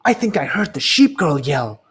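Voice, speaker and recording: A sly, boastful art thief from a children's storybook sneers and brags in a raised, lilting voice, as a male reader puts him on. His tone swoops up and down, with a husky edge. He sounds pleased with his own cleverness. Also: fairly high pitch, sing-song, moderate pace, fairly bright tone, heavily acted. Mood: hushed.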